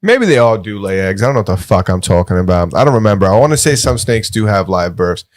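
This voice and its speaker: A man's voice: on the low side, big pitch swings, quick pace, dry recording. A man co-hosting a podcast, rambling and arguing in casual, profane chat. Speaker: podcast co-host.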